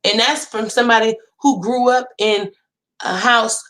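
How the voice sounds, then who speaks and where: A woman in her thirties with a Northern California accent, ranting casually to her viewers in a loud, profane, animated way. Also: a little high, a little slow. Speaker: vlogger.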